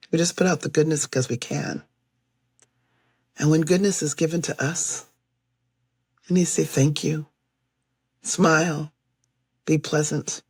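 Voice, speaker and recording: A woman storyteller telling a personal story in a lively way, acting out the people she meets. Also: deep voice, slightly rough, dry recording, clean studio sound.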